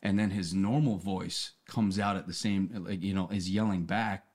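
Man, very low voice, earnest storyteller, casual podcast talk, restarts often. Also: fairly even intonation, moderate pace, darkish tone. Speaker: podcast guest. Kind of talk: casual conversation.

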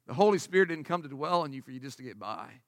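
A man's voice: mid-range voice, expressive, quick pace, dry recording, studio quality. A man preaching a sermon as pastor to his congregation, emphatic and conversational, asking many rhetorical questions. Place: church service before a congregation.

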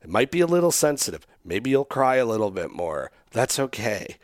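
A man hosting a podcast, chatting casually in a loose, rambling way full of little fillers. His voice sits at an ordinary pitch, and the recording is close and dry with no room sound. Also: normal speed, no room sound. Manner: relaxed, rambling, many fillers. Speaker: podcast host. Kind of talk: casual chat.

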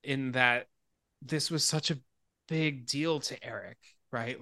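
A man hosting a podcast in casual chat, retelling a film scene in an animated way and laughing along. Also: mid-range voice, normal speed, no room sound. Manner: animated storyteller, laughs and swears freely. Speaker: podcast host.

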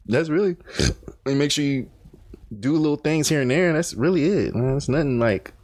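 A man's voice: a little high, moderate pace, a little mellow, no room sound, clean studio sound. A young man co-hosting a podcast, telling stories loosely with lots of slang in casual chat. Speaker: podcast co-host.

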